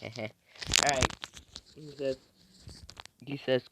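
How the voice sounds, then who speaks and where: Slow, rambling young male storyteller. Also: medium pitch, slight background noise. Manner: rambling, halting, with many restarts and fillers; switches into quick character voices. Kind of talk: improvised fan-fiction storytelling.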